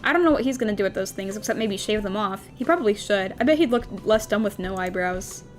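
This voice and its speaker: A woman's voice: mid-range voice, lively intonation, fast, faint music behind, natural voice. A woman reading the lines of a rude, mocking young boy bully in a dating game.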